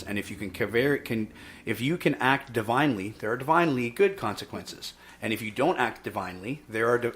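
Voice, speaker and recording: A man hosting a podcast and making his case in an emphatic, energetic way, often pausing on "okay". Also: mid-range voice. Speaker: podcast host and youth fitness instructor. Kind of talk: casual debate chat.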